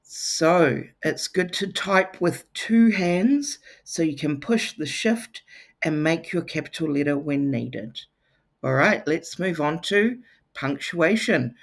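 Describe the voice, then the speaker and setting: Slow, gravelly New teacher. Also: mid-range voice. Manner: playful, teasing asides. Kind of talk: classroom lesson for children.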